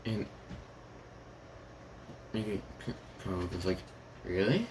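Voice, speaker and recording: A man's voice: fairly low pitch, fairly even intonation, normal speed, noisy background. A man casually retelling a fan story in a rambling way, often saying "goes like" between lines.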